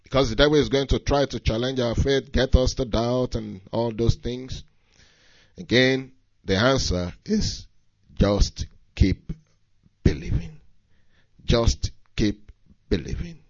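A man's voice: medium pitch, unhurried, no echo, muffled recording. A man preaching a sermon, reading scripture and pressing his points with rising emphasis.

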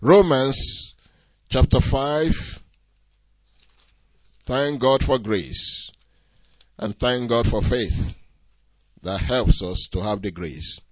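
A man's voice: mid-range voice, extremely slow, long pauses, dry recording. A man preaching a sermon, emphatic and exhorting, asking the congregation rhetorical questions. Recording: dull, dry lo-fi sound.

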